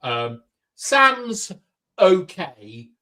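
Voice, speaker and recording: A man's voice: high-pitched, sing-song, drawn-out words, bright, forceful tone, low-quality recording. A man chatting casually as a podcast guest, opinionated and full of fillers, from the countryside. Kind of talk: casual chat.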